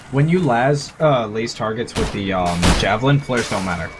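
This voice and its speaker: A man's voice: mid-range voice, lively intonation, moderate pace. A man in casual team voice chat during an online shooter, laid-back, joking and swearing freely, talking over a headset mic. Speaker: gamer. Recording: gunfire and game noise behind.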